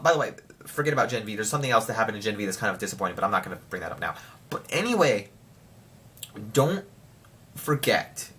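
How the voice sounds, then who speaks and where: A young man rambling excitedly through a casual spoiler review of a TV show. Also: medium pitch.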